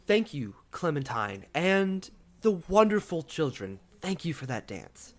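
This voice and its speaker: A man's voice: on the high side, big pitch swings, measured pace, pitched above the performer's own voice. A man doing a gracious squirrel king.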